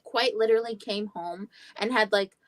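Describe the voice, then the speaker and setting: A woman's voice: medium pitch, normal speed. A young woman hosting a livestream, telling stories in a chatty way, swearing freely and acting out what people said. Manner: chatty storyteller, swears freely, acts out quotes. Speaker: livestream host. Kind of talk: casual chat.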